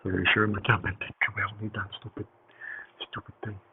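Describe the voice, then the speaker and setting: A man's voice: fairly low pitch, flat delivery, very fast, gravelly, husky. A man telling a story in a casual, rambling way, with lots of fillers and swearing. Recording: tinny phone-like audio with faint hiss.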